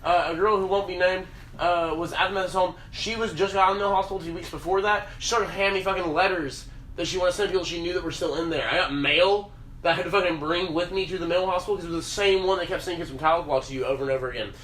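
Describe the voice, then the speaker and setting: Young male podcast host, rambling profane storyteller, slightly high and bright voice. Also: very fast. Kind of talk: casual storytelling. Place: podcast room. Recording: roomy echo, faint hiss.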